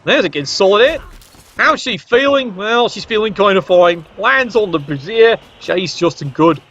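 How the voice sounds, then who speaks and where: A man's voice: high voice, animated, normal speed, fairly bright tone. A man giving play-by-play commentary on a match, with dry joking asides. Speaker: game commentator. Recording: dull lo-fi recording.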